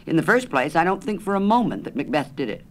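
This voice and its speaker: A man's voice: a little high, sing-song, fast talker, a bit bright, pitched above the performer's own voice. A man reading a story aloud and voicing a chatty, opinionated American woman who loves mystery novels, insistent and eager. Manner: insistent, eager, know-it-all.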